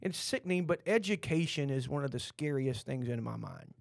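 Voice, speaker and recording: A man's voice: medium pitch, lively intonation, brisk, creaky, no room sound. A middle-aged man with a Texan accent, talking bluntly in a rambling, opinionated podcast chat full of restarts.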